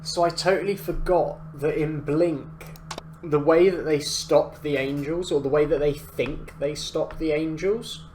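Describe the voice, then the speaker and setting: A man's voice: a little high, a little mellow, a little hiss or hum. A man chatting casually through a video game, thinking aloud and reading messages. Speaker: let's play gamer.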